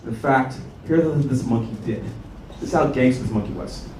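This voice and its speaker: A man's voice: mid-range voice, fairly quick. A man from Canada performing a stand-up comedy set, telling stories animatedly and acting out voices. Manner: animated storytelling with acted-out voices. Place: comedy club stage with audience laughter. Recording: echoey club room from a distance with noise.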